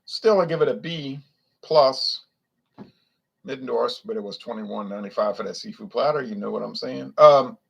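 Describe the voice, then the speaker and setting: A man's voice: medium pitch, moderate pace, gravelly, breathy edge. A man with a Louisiana accent reviewing beer in a casual, rambling, opinionated way that wanders off topic. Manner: opinionated, blunt, digressive.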